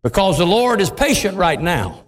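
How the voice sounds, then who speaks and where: Impassioned high-voiced preacher in a reverberant hall. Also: male voice, big pitch swings, moderate pace. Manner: impassioned, dramatic swings into deep voices. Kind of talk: sermon.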